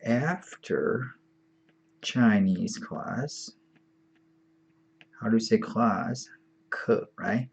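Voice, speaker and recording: The voice is male, on the low side, creaky and slightly rough. He runs an online beginner Chinese lesson at a slow, patient pace, saying each word again and again.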